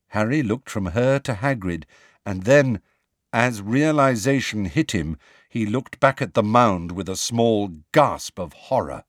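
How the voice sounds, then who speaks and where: A man reading a fantasy novel aloud as an audiobook narrator, measured and expressive. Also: lowish voice, no room sound, clean studio sound. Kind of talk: scripted narration.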